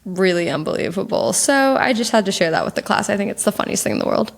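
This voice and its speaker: A woman's voice: mid-range voice, expressive, quick pace, gravelly. A young woman co-hosting a podcast, telling stories in casual chat with lots of fillers. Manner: chatty storyteller, lots of fillers. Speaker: podcast co-host.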